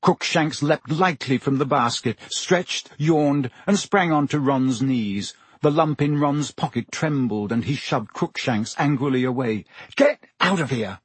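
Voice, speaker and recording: A man narrating a novel as an audiobook in a steady, measured way. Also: medium pitch, husky, dry recording. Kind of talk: scripted narration.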